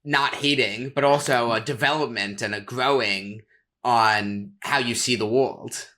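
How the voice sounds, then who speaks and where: A man hosting a podcast, asking halting, searching questions of his guest. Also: mid-range voice, bright, forceful tone. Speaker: podcast host. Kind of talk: interview questions.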